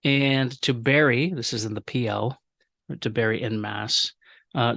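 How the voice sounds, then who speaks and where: A man teaching a recorded language lecture, explaining rules with fillers and repeating example words slowly. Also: mid-range voice, fairly bright tone, no echo, clean studio sound. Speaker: professor.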